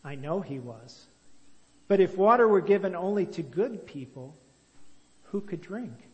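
A calm, kind young man from a storybook tale, as a male reader puts him on. He speaks gently and patiently in a slightly high voice, with a long echo from the hall. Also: a little slow, muffled recording.

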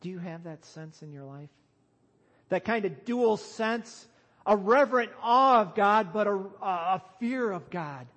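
A man with a high voice preaches a sermon at a deliberate, unhurried pace. He leans hard on key phrases and lifts into loud calls. His delivery is earnest and emphatic. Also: expressive. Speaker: pastor.

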